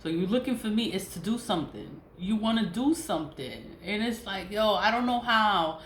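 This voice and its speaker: Talking at normal speed with lively intonation, this mid-range female voice belongs to a vlogger from the United States. Her casual monologue is a string of exasperated, profanity-laced complaints broken up by frequent laughter, recorded in an echoey room with faint background noise.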